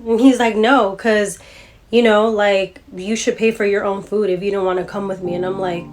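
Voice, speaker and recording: A woman in a middle register tells a dating story in a casual rant. She sounds exasperated and acts out both sides of the conversation. The pace is quick and chatty. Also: medium pitch, fairly even intonation, darkish tone, soft background music. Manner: exasperated, mocking quoted voices.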